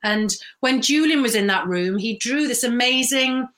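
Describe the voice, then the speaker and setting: A woman's voice: a little high, moderate pace. A woman, telling stories in a casual chat, laughing often. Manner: warm storytelling, laughs often, mimics voices. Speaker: guest.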